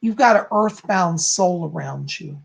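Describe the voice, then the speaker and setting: A man's voice: high-pitched, lively intonation, a little slow, creaky. A man giving live psychic readings, chatting as he answers viewers one by one. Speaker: psychic medium.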